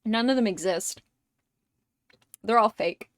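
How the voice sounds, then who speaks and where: Slow-talking, swearing woman streamer. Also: mid-range voice, no room sound, studio quality. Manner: swears freely, laughs often, rambling anecdotes. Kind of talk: casual chat with viewers.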